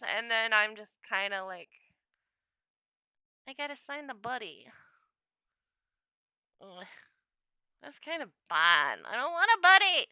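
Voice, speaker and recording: A high, very bright young woman's voice that leaps all over its range. She rambles chattily on her home stream, laughing often and acting out her own quotes. The sound is dry and close. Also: smooth, no room sound. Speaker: livestreamer. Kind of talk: casual livestream chat. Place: home room.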